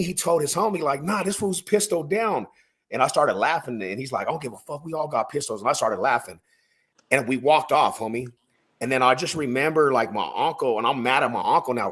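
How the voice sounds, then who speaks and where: A man's voice: medium pitch, a bit bright, slightly rough. A man from Denver telling street stories in a casual podcast chat, slangy and rambling, full of "bro" and "homie". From Denver, Colorado.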